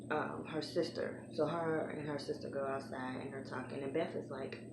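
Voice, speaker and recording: Low-voiced woman recapping a show. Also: steady tone, normal speed. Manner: chatty, retells scenes in acted voices. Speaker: TV show reviewer. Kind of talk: casual recap and review. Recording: echoey room with background noise.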